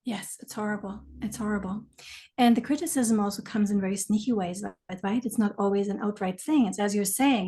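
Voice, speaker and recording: A woman being interviewed, explaining things thoughtfully and letting her lines trail off softly. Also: mid-range voice, fairly quick. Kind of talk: conversational interview.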